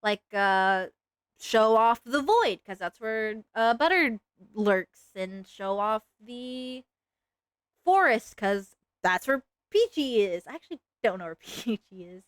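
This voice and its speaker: A woman chats loosely on a livestream while drawing, filling her talk with "like" as she rambles. Her voice sits a bit high and comes through smooth and clear. The sound is dry and close, with no room echo. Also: animated, slow pace. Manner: rambling, lots of "like" fillers. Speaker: streamer.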